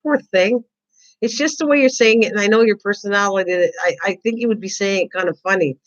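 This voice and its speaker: Excitable, chatty woman craft streamer, mid-pitched, rambling, muffled lo-fi audio. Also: fast. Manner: excitable, rambling, repeats words. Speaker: craft livestream host. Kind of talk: casual chat reading viewer comments. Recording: dull lo-fi livestream audio.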